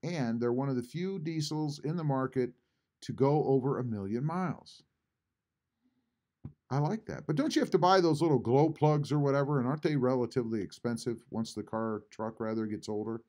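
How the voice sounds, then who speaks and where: A man hosting a casual live stream from home, reading chat messages aloud and answering them with frequent pauses. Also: mid-range voice, warm tone. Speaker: YouTube channel host reading live chat. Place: home, at a computer.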